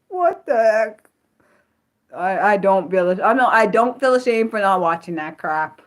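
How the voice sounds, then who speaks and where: A woman from the United States hosting an unscripted livestream, chatting excitably and reacting to viewer comments. She often restarts her sentences, blurts out exclamations and lets slip mild curses. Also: medium pitch, unhurried. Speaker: livestream host.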